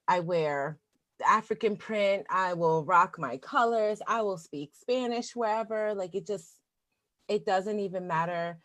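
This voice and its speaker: A woman who teaches, chatting in a relaxed, reflective way. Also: mid-range voice, no room sound. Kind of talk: casual conversation.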